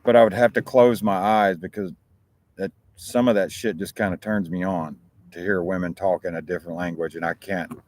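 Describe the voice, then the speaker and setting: Low-voiced American man rambling casually. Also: steady tone, a little fast, a little mellow. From United States. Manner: rambling, profane, chatty. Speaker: talk show host. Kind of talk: rambling casual chat to viewers.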